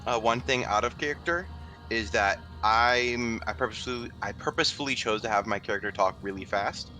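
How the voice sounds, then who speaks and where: A man's voice: mid-range voice, brisk, bright, forceful tone, faint music behind, rough recording. Chatty male tabletop player. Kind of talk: casual tabletop game talk.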